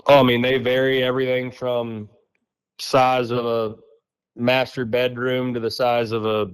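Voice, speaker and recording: A man's voice: medium pitch, a little slow, clear, resonant tone. A man speaking as a guest on a podcast, easygoing and candid. He explains his work in plain terms and jokes at his own expense. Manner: relaxed, candid, self-deprecating humor. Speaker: professional duck guide. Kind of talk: casual podcast interview.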